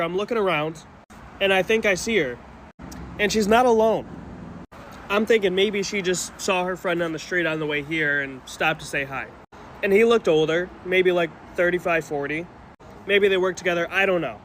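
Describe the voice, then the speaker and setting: A man with a rather high voice recounts his own experience as casual first-person storytelling. He sounds earnest and still shaken, and he speaks in a quick retelling manner. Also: fairly bright tone, a little hiss or hum. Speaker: storyteller in a social media clip.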